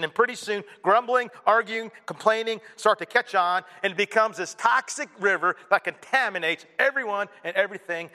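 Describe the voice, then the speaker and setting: A man preaching a sermon to his congregation, animated and playful, acting out whiny kids and an annoyed parent. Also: sits high. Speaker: pastor. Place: church hall. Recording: reverberant hall.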